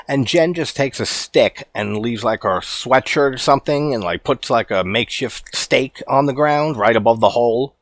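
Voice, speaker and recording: A man giving a casual, animated movie commentary, incredulous and quick to swear and laugh. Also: mid-range voice, no room sound. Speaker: horror movie reviewer.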